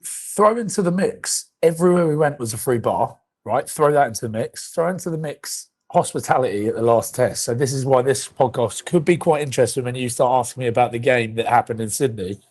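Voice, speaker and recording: A man's voice: medium pitch, fast talker, hardly any pauses, darkish tone. A man in his thirties, a podcast co-host, telling rambling comic stories in casual chat and swearing freely.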